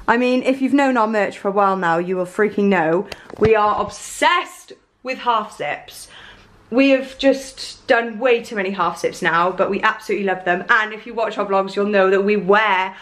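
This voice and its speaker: A woman's voice: medium pitch, normal speed, fairly bright tone. A young adult woman chatting casually to camera in a vlog, gushing and full of fillers. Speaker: vlogger. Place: home, then in a car.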